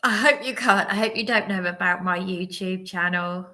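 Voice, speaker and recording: A woman's voice: on the low side, moderate pace, bright, forceful tone. A woman talking to camera in a rambling, apologetic vlog, often restarting her sentences. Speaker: vlogger. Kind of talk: casual monologue to camera.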